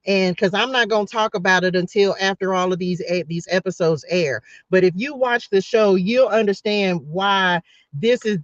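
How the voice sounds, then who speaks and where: A man's voice: high-pitched, no room sound. A man hosting a casual live spiritual talk, passionate and emotional, close to tears, often restarting and repeating phrases. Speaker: host giving a spiritual message. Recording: dull lo-fi dry sound.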